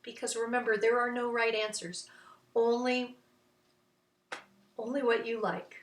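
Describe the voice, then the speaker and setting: A woman's voice: fairly high pitch, little pitch movement, a little slow, slight background noise. A woman teaching a children's music lesson, patiently chanting rhythm syllables. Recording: roomy, voice from a distance.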